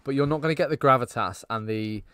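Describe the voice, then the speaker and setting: A man's voice: medium pitch, quick pace, fairly bright tone, clean tone, dry recording. A man co-hosting a casual film podcast, rambling and swearing as he laughs along. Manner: rambling, swearing, laughing at his own jokes. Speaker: podcast co-host. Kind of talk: casual film-review chat.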